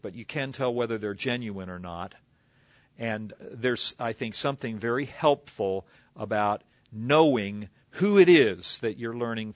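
A pastor giving an expository sermon in a conversational teaching manner, explaining word origins with asides. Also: male voice, fairly low pitch, dry recording. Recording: slightly dull lo-fi recording.

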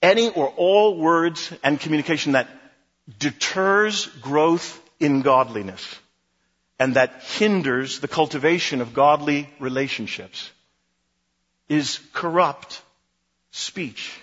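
A middle-aged male pastor preaches with a bright, forceful edge and a husky grain to his voice. He drives his points home by repeating short phrases in rhythmic lists. The sound is dull and lo-fi, with a long reverb from a large hall. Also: a little high, expressive, slow. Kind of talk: sermon.

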